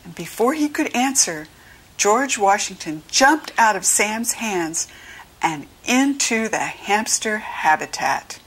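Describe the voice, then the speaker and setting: An American woman reading a children's storybook aloud slowly and clearly for young listeners. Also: animated. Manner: slow, clear teaching read-aloud, brighter pitch for quoted children. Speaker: children's book reader. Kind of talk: read-along storybook narration.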